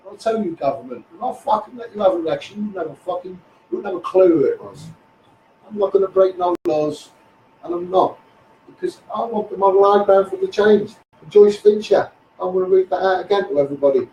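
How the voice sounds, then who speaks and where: Man, Scouse accent, high voice, heated live-stream rant, swears a lot, echoey, distant from the mic. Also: big pitch swings, a little fast, mellow, a little hiss or hum. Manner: heated, repetitive, swears often. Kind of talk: impassioned Facebook live rant.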